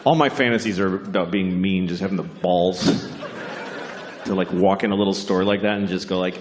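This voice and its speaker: A man's voice: low voice, steady tone, brisk, roomy sound, noisy background. A man performing a stand-up comedy set, ranting sarcastically with plenty of profanity and mock outrage.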